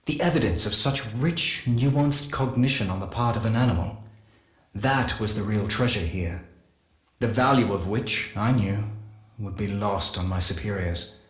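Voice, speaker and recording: A man playing a solemn male scientist who records a measured, reflective confession in a game audio log. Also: lowish voice, a bit bright, roomy sound. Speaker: morphology specialist.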